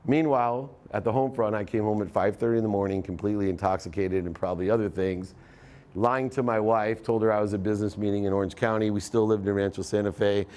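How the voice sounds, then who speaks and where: A man's voice: lowish voice, fairly even intonation, quick pace, a little mellow. A middle-aged man giving a live motivational talk, storytelling and acting out the voices in his story. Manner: storytelling, acts out quoted dialogue. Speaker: motivational speaker.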